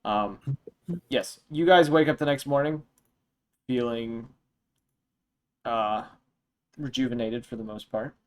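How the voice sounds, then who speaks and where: A young man running a tabletop game as dungeon master, narrating in a relaxed, meandering way with fillers. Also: mid-range voice, slow pace, long pauses.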